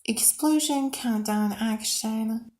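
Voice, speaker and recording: A woman streaming live as she builds a game mod, her pace slow and unhurried. She talks herself through each step and mumbles under her breath, then suddenly jumps up in pitch and volume with excitement. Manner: excitable, thinks aloud, bursts into shouts; mutters quietly while working.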